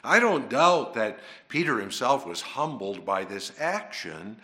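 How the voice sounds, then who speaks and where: A man preaching a sermon, emphatic and dramatic, swinging from hushed to loud. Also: mid-range voice, sing-song, unhurried.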